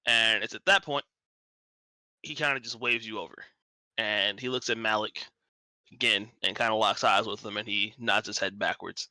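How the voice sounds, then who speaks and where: A man's voice: fairly low pitch, pushed and bright, dry recording, low-quality recording. A man narrating as game master in a tabletop game stream, casual and rambling. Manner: rambling, casual, self-correcting.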